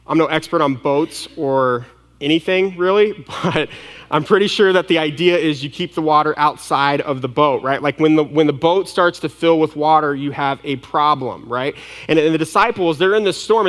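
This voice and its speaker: A man preaching a sermon as pastor, dramatic, swinging from hushed to loud and acting out panicked voices. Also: on the high side, big-room sound. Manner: acts out the disciples' panicked voices.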